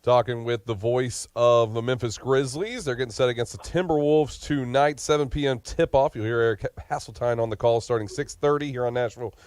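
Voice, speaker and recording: A man hosting a sports talk radio show and announcing smoothly on air. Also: mid-range voice, fairly quick, hardly any pauses, darkish tone, no echo.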